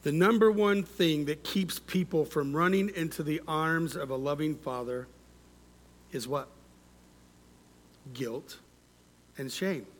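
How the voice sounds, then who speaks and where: Slow, high-voiced preaching pastor. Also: male voice, a little hiss or hum. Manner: call-and-response with congregation; drops to soft, quiet phrase endings. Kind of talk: sermon.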